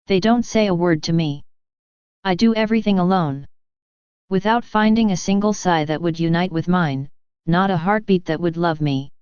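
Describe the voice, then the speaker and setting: A woman voicing Jesus in a devotional reading, speaking in a slow, solemn, measured way. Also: lowish voice, darkish tone, clean tone, no room sound, natural voice. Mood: lonely. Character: Jesus speaking tenderly to a soul, male. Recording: dull, dry, lo-fi audio.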